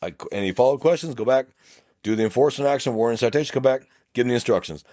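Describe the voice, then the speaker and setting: A middle-aged man from South Texas with a Texan accent, a police officer co-hosting a casual podcast chat, blunt and animated, acting out quoted dialogue. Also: medium pitch, rapid-fire, dry recording, clean studio sound. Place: podcast studio.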